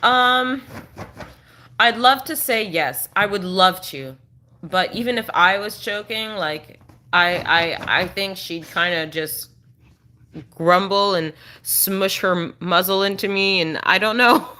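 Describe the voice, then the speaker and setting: Bright-voiced woman chatting on a stream. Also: mid-range voice, takes it slowly. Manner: chatty, coaxing sing-song talk to her dog. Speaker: live streamer and dog owner. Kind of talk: casual live-stream chat. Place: indoor room at home.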